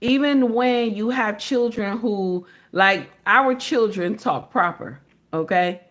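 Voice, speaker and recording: A woman's voice: medium pitch, takes it slowly, fairly bright tone. A middle-aged woman hosting a reaction livestream, speaking casually in slangy, emphatic speech and repeating her points.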